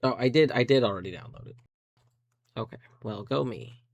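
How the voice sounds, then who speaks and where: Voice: medium pitch, animated, fairly quick, creaky, no echo, muffled recording. A streamer chatting through a live game session, narrating every move and letting out sudden yelps when things go wrong. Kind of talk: live gameplay commentary.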